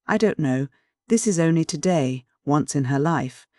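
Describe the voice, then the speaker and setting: A man voicing a timid, distressed young woman who speaks haltingly, in an audiobook. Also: fairly high pitch, lively intonation, a little mellow, no echo, studio quality, natural voice. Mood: tearful. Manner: halting and broken-off.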